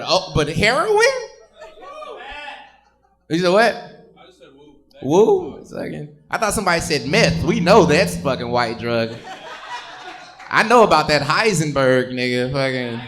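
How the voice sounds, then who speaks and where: A man's voice: on the high side, fairly bright tone. A man doing profane stand-up crowd work on a comedy stage, teasing audience members.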